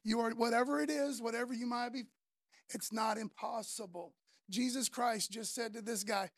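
A man's voice: very high voice, fairly even intonation, normal speed, vocal fry, no echo, clean studio sound. A man preaching a sermon in a casual, earnest way, using slang fillers as he talks. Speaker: pastor.

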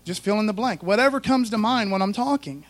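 A man's voice: sits high, fairly quick, dry recording. A man preaching a sermon in a folksy, conversational way, full of asides to the congregation. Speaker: pastor.

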